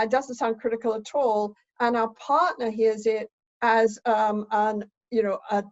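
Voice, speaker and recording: A woman's voice: on the high side, muffled recording. An older woman, a relationship expert, explaining ideas thoughtfully in conversation with examples.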